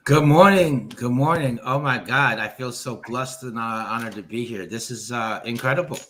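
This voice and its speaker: American male attorney guest, earnest and deliberate, bright clear tone. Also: mid-range voice, steady tone, a little hiss or hum. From United States. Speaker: attorney and justice advocate guest. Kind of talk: interview answers.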